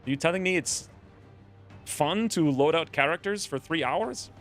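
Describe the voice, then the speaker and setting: Man, streamer, casual game commentary, animated and fairly high voice, distracted rambling, faint music behind. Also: moderate pace. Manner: rambling, distracted, storytelling asides.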